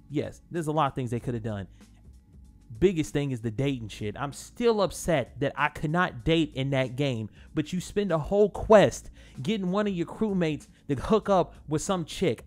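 Higher-voiced man, blunt rambling gamer. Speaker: gaming channel host. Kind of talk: casual gaming commentary.

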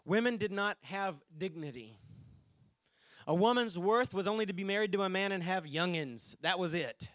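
Male pastor preaching to his congregation, expressive high voice, dry close mic. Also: no room sound. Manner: animated preaching, reads scripture aloud and addresses congregation. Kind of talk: sermon. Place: church sanctuary.

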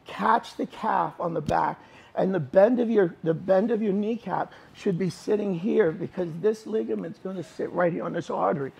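A man coaches a jiu-jitsu class, walking students through moves as he shows them in an informal, emphatic way. His voice sits high and carries a husky, gravelly texture. He sounds like he is in a training gym. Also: moderate pace, a little mellow. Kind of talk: live class instruction.

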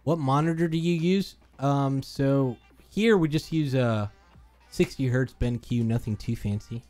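A man's voice: mid-range voice, measured pace, a little mellow, faint music behind. A man co-hosting a live stream from a studio, chatting casually and joking with viewers. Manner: playful, banters and sings snippets. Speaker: livestream co-host. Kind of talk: casual joking livestream chat.

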